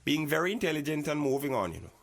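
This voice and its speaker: A man playing an excitable male talk show host, who preaches unity and is pompous about his own intelligence. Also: rapid-fire, creaky, exaggerated voice. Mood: indignant. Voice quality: high, bright and shrill. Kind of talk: comedy sketch acting.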